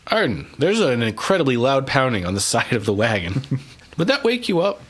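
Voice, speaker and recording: Lively laughing game master man. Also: medium pitch, moderate pace. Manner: lively, laughs often while narrating. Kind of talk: narrating a tabletop game.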